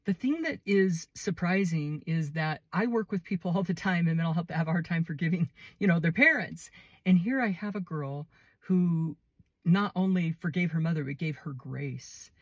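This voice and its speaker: A woman's voice: on the low side, normal speed, no room sound. A woman who works in mental health, earnestly telling a heartfelt personal story in a conversational way. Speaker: mental health worker, formerly in prison reentry.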